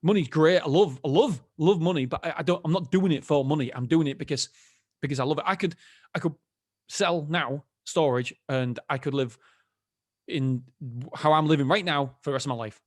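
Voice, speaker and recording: Brief: male podcast host, fairly high voice, dry close sound, candid and rambling, lots of restarts. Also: a little fast, dry recording. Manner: rambling, candid, self-interrupting with frequent restarts. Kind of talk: solo casual podcast monologue.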